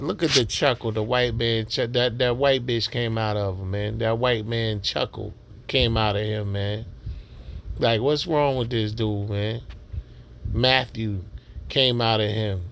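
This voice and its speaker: A man speaking slowly and deliberately at a middle pitch, reacting to a clip. He rants and mocks, circling back over the same points in loose street slang. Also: slight background noise. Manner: ranting, mocking, repetitive slang-heavy rant. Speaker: reaction commentator. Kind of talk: casual reaction commentary.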